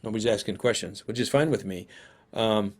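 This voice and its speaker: A man's voice: fairly low pitch, brisk. A man teaching parents in a live seminar, talking conversationally and thinking aloud with occasional fillers.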